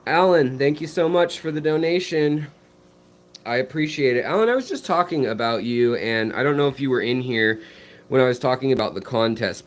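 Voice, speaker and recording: An American man hosting a fishkeeping live stream, rambling casually with lots of ums and restarts while he answers viewer messages beside his aquarium tanks. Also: mid-range voice. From United States.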